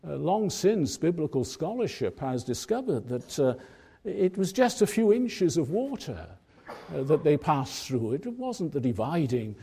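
A man's voice: on the high side, sing-song, a little slow, gravelly, dark tone, husky, heavily acted. A man doing a patronizing male professor. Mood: dismissive. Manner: dismissive, patronizing. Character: friendly, condescending male professor, middle-aged.

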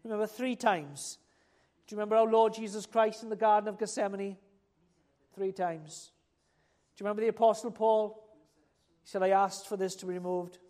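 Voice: mid-range voice, level tone, normal speed, long pauses, darkish tone. Preacher building to emphatic appeals. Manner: addresses listeners directly with rhetorical questions. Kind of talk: sermon.

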